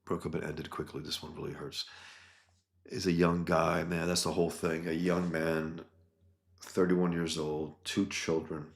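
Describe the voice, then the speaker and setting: Very deep-voiced man, blunt and scornful. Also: flat delivery, creaky, reverberant. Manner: blunt and scornful, halting with many fillers. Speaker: livestream host. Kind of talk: casual livestream commentary.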